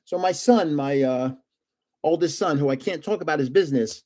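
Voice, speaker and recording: An older man hosts a relaxed live stream. His voice sits a little higher than most men's. He rambles through stories and chuckles often as he talks. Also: normal speed. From North Jersey, United States. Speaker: livestream host. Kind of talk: casual live-stream chat and storytelling.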